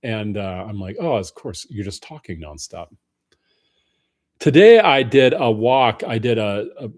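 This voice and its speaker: A man's voice: lowish voice, darkish tone. A man hosting a casual live stream Q&A, greeting viewers by name in a friendly way. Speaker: livestream host.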